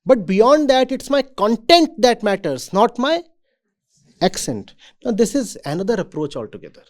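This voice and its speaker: A man giving a reflective talk to students as a spiritual teacher. He speaks in a deliberate, measured way. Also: high voice, sing-song.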